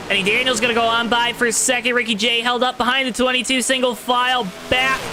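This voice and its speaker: With a very high voice and a noisy background, a man gives play-by-play of an online sim race. He uses an exaggerated announcer voice and addresses the viewers directly.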